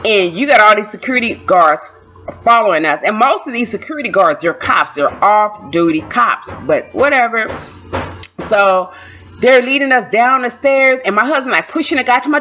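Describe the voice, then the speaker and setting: A woman vlogger telling a story in a chatty, animated way, repeating lines for emphasis, on a dull lo-fi recording. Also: fairly high pitch, fairly quick. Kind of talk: casual storytime.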